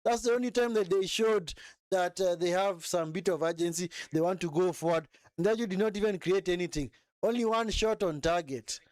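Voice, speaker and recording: A man's voice: high-pitched, a little fast, a little mellow, dry recording. A young man hosting a live football watch-along, mocking and scolding the players in a long rant. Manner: mimics players in whiny put-on voices.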